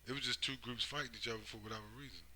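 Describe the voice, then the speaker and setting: A man's voice: mid-range voice, fairly even intonation, rapid-fire, sharp tone, slight background noise, poor audio. A man giving a rambling, profane monologue, driving his points home with constant tag questions. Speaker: commentator. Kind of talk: casual monologue.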